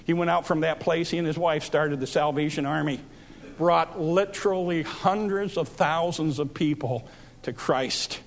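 High-voiced man preaching a sermon. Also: moderate pace, gravelly. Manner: preaching with rising emphasis, acting out voices in stories.

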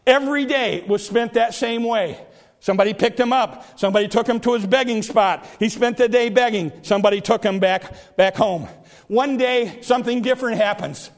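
High-voiced impassioned male preacher. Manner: impassioned preaching, repeats phrases, cries out in acted quotes. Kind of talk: sermon.

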